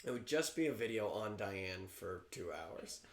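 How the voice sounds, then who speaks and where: A man's voice: lowish voice, lively intonation, moderate pace. Rambling man chatting in an echoey room. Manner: rambling, chatty, restarts sentences. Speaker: livestream co-host. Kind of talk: casual livestream chat.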